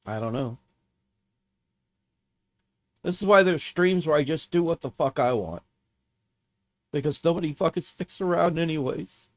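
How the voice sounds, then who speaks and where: A man streaming alone, crying and talking in a despondent, halting, repetitive way. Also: on the high side, dry recording. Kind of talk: live stream monologue.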